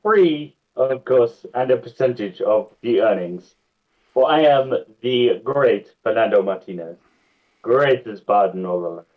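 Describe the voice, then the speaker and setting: A man voicing a flamboyant, boastful male bard, speaking in a grandiose, flattering and theatrical way over a phone-like voice chat line. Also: mid-range voice, unhurried, distant mic, lightly acted.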